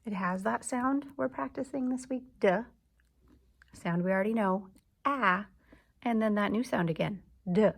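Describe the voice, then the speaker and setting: A woman teaching an early reading lesson to young children, slow and patient, sounding out letters and words. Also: mid-range voice, creaky.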